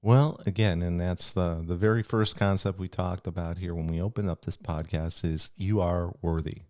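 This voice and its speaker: A middle-aged man hosting a podcast in casual chat, relaxed and rambling with many restarts. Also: low-pitched, moderate pace, no room sound, clean studio sound. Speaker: podcast host.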